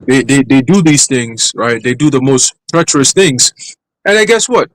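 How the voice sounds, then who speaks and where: A man in a casual church discussion, talking bluntly with rough language and acting out other people's lines. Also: mid-range voice, lively intonation, moderate pace, no echo, low-quality recording. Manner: blunt, profane, mimics others' voices in quoted lines. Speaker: church group speaker.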